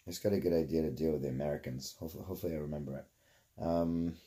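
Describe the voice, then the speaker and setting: A man's voice: rumbling low, steady tone, very fast, mellow. A Canadian man telling a story casually, swearing freely and wandering off on tangents. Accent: Canadian English. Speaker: vlogger.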